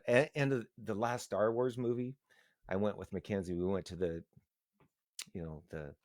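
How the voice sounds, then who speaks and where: A middle-aged man talking into a live stream in a casual, earnest, halting way, rambling and restarting his sentences. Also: sits low, a little mellow, no room sound, clean studio sound.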